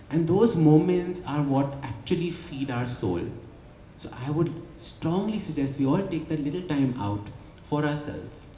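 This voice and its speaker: A man's voice: a little high, warm tone. Guy coaching a crowd at a book launch, echoey hall, faint background hum. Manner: explanatory, asks rhetorical questions with "right?". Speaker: author and habit coach. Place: event hall before an audience. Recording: echoey hall with light ambience.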